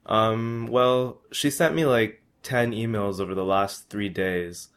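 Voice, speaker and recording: A young man reading his travel story aloud. His voice sits on the low side and he is earnest, now and then stumbling and restarting a word. He tells it plainly, in first person and present tense. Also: steady tone, slow, hardly any pauses, clear, resonant tone.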